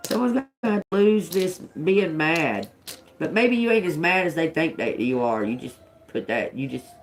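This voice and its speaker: On a live stream, a tarot reader with a low-sitting voice works through a reading, with a faint hiss or hum in the audio. She mutters individual words back to herself as she thinks aloud, swears bluntly, and chuckles a lot.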